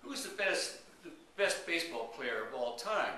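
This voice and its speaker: A man's voice: a little high, very animated, moderate pace, pushed and bright. A man doing a coaxing dog owner in a joke. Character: scheming man with a talking Chihuahua. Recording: echoey room from far off, noisy.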